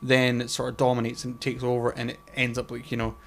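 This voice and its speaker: A man co-hosting a casual podcast chat, rambling, swearing and groping for words, often trailing off quietly. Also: medium pitch, completely flat delivery, fast talker, creaky, slight background noise. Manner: trails off quietly mid-sentence. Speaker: podcast co-host.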